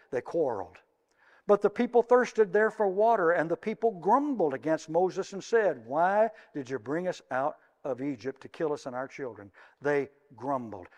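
A man's voice: fairly high pitch, expressive, measured pace, highs cut off. Dynamic preacher man in a reverberant hall. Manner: dynamic preaching, swings from soft asides to loud emphatic peaks; asks the congregation questions. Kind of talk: sermon.

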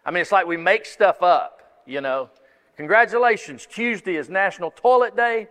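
A man's voice: high voice, lively intonation, normal speed, fairly bright tone. A man preaching and giving announcements in a church, folksy and rambling with many restarts. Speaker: pastor. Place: church sanctuary. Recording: long reverb of a large hall.

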